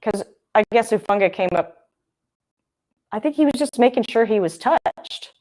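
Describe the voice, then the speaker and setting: A woman's voice: a little high, lively intonation, moderate pace, darkish tone. A young woman hosting a livestream, chatting casually and thinking aloud as she comments on a football game. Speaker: livestream host.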